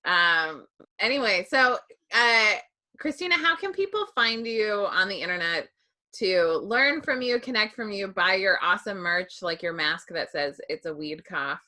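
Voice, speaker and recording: Chatty podcast host woman, lively pitch. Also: measured pace. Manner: chatty, rambling, lots of likes and ums, laughs easily. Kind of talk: casual interview chat.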